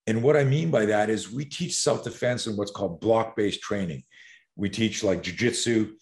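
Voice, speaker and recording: A man in his sixties telling stories as a podcast guest. He is animated and profane, and he acts out quotes. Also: lowish voice, a little fast. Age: 60s. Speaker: self-defense expert guest. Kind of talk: podcast storytelling.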